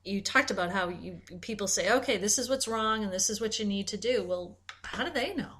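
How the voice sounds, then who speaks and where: A woman's voice: mid-range voice, lively intonation, fairly quick, fairly bright tone. A woman co-hosting a podcast, chatting casually in a reflective, wry way. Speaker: podcast co-host.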